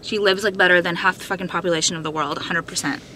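Her voice is on the low side, with fairly even intonation and a sharp tone, and she speaks very fast over a little hiss or hum. The woman is a vlogger filming herself on a phone in her hand, venting upset to camera, swearing a lot and filling her speech with "like."

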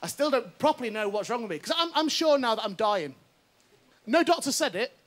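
High, lively comedian. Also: male voice, fairly quick. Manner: animated, self-mocking storytelling with frequent "right?". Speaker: stand-up comedian. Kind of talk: stand-up comedy set. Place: TV studio stage before an audience.

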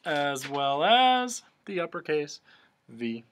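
A man's voice: fairly high pitch, big pitch swings, slow pace, a bit bright. A man teaching a remote cursive handwriting lesson, explaining each stroke patiently, step by step.

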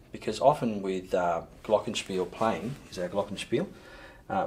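A man teaching a recorded percussion lesson, explaining technique patiently and counting in before calling out patterns. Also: lowish voice. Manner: calls out sticking patterns loudly over drumming, then explains calmly. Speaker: music teacher. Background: drum playing.

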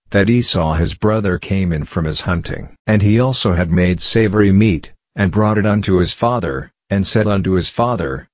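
A man reading scripture aloud in a measured, solemn way for an audiobook. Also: deep voice, no room sound. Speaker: Bible audiobook reader. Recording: dull lo-fi, dry.

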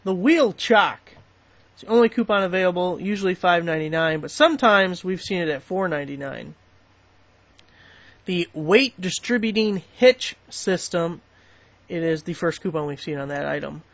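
A man's voice: high-pitched, animated, normal speed, gravelly, a bit bright, no echo, muffled recording. A man hosting a tool deals channel, talking casually and bluntly with plenty of swearing as he goes through coupons. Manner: blunt, profane, easily riled. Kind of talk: casual vlog rant and coupon rundown.

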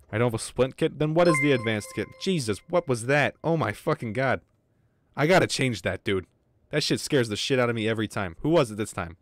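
A man streaming a game live, chatting casually with viewers in a rambling, joking way and swearing freely, with some wheezy breathing. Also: mid-range voice. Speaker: gaming streamer. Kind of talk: casual livestream chat.

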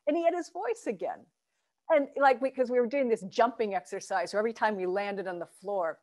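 A woman teaching a Zen chanting workshop over a video call, guiding students with encouragement and light laughter. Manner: demonstrates chants and low vowel sounds from the belly.

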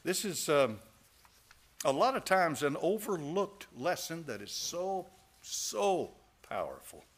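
A man's voice: fairly high pitch, sing-song, slow pace, a bit bright, slightly rough. A male pastor preaching a sermon, emphatic, punching key phrases and asking the congregation rhetorical questions. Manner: emphatic, rises to stressed phrases.

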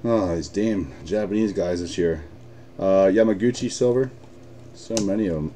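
A man's voice: fairly low pitch, normal speed, mellow, a little hiss or hum. A man with an American accent hosting a live card break, chatting casually, swearing and laughing often.

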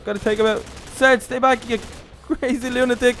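Excitable young man narrating game role-play. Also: high-pitched, brisk, faint music behind. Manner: excitable, narrates every move aloud, shouts in action. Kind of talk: in-character gameplay narration.

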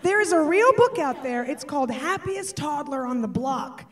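High animated woman doing stand-up. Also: moderate pace, distant mic, a crowd in the background. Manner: animated, shifting between voices. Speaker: stand-up comedian. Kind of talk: stand-up comedy set. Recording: live stage, off-mic, audience laughter.

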